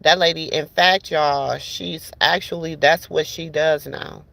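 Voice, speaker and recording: Gravelly-voiced woman telling stories casually. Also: deep voice, steady tone, unhurried, a bit bright, dry recording. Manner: chatty, addresses listeners as "y'all" and "baby", many restarts. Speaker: podcast host. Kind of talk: casual storytelling chat.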